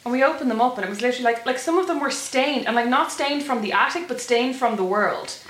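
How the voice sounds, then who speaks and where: A woman teases her sister wryly on a podcast, swearing in passing. Her voice sits a little high for a woman. The sound carries a noticeable room echo. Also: quick pace, a bit bright. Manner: wry, teasing, swears casually. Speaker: podcast co-host. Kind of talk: casual chat between sisters.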